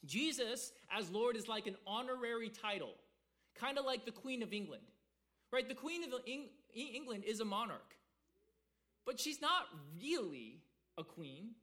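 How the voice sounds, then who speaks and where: A man from the South, preaching a sermon in an animated way, acting out quotes and repeating words as he goes. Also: extremely high pitch, measured pace. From American South. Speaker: pastor.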